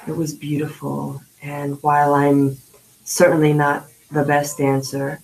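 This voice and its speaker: A woman in her late forties telling a personal diary vlog, candid and slangy, animated in retellings and hushed in reflective moments. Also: sits low, unhurried, vocal fry, slight background noise, poor audio. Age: 40s. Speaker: vlogger.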